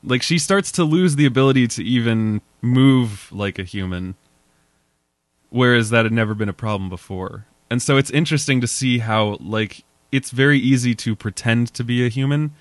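Relaxed man hosting a film chat. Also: lowish voice, no echo. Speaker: podcast host. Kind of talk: casual chat.

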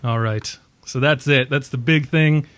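A man's voice: mid-range voice, a little slow. A man hosting a podcast, announcing an awards show in an emphatic, profane, mock-grandiose way. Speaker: podcast host. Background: faint orchestral music.

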